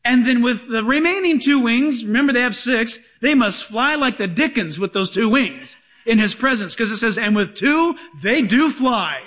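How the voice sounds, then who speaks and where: Pastor guy preaching in church, really high pitched, emphatic, cracks little jokes. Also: lively intonation, moderate pace, fairly bright tone. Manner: emphatic, joking asides to the congregation. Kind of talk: sermon.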